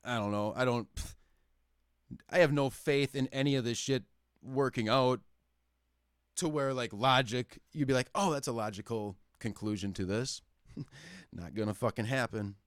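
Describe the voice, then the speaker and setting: A man's voice: medium pitch, unhurried, long pauses, dry recording, clean studio sound. A young man from Wisconsin, ranting and swearing heavily in casual podcast chat. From Wisconsin, United States. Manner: profane, ranting, heavy swearing. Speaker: podcast host.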